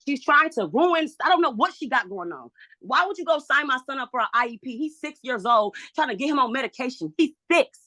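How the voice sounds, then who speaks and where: A woman's voice: sits high, lively intonation, brisk, pushed and bright, dry recording, studio quality. A woman speaking as a mother in a court hearing, frustrated and pleading, from home over a video call. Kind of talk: emotional court testimony.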